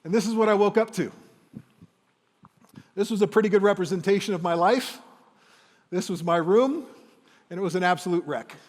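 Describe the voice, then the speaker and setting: Guy in his 50s giving a keynote, kinda high voice, big hall reverb, slows way down for effect. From Windsor, Ontario, Canada. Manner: dramatic, emotional, with slow weighty pauses. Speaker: motivational speaker. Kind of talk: stage keynote storytelling.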